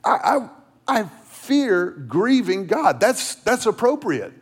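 A middle-aged man preaching a sermon as pastor, repeating words as he restarts and dropping low and quiet when he tells a story. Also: very animated, slow pace, slightly rough. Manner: storytelling, drops low and quiet for quoted lines.

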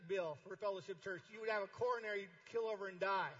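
A man with a high, husky voice preaches at a fast clip, his words ringing through a large hall with long reverb. The sound is a little dull and muffled. His sermon swings between loud, passionate lines and softer, quieter moments. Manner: impassioned preaching, voicing God and Paul in quotes. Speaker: pastor. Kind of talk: conference sermon. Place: large church or conference auditorium.

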